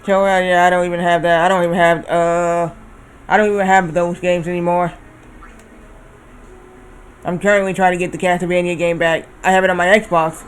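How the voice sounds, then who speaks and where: A man's voice: high-pitched, level tone, moderate pace, long pauses, faint music behind. A man in his thirties chatting casually while streaming a game, rambling and often correcting himself. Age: 30s. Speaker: livestreamer.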